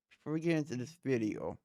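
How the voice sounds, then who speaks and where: A man's voice: mid-range voice, dark tone, no echo. A man hosting a reaction video, talking casually and rambling, often correcting himself mid-sentence. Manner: rambling, self-correcting, laid-back.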